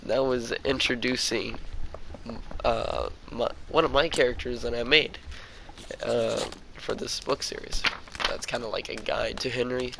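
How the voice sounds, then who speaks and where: A man's voice: medium pitch, fairly even intonation, measured pace, creaky, background noise. A man casually reading his own fan story aloud, with chatty, self-mocking asides.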